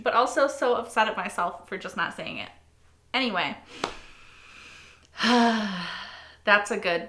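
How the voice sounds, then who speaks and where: Bright-voiced woman reacting, roomy echo. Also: medium pitch, normal speed, pauses often. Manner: animated, swears a lot, repeats phrases in frustration. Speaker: reaction video host. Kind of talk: casual reaction commentary.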